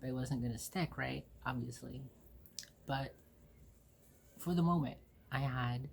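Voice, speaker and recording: A woman's voice: a bass voice, vocal fry, a little mellow, a little hiss or hum. A woman in her forties from Ohio, hosting her own show and telling personal stories in a rambling, candid way, swearing freely and acting out what people said. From Ohio, USA. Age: 40s. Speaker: host. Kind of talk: casual personal storytelling.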